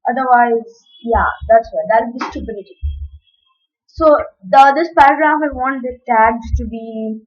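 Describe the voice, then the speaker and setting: Woman, high voice, coding tutorial, talks through each step as she types, dull lo-fi recording. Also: unhurried. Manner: explains step by step while typing, self-corrects.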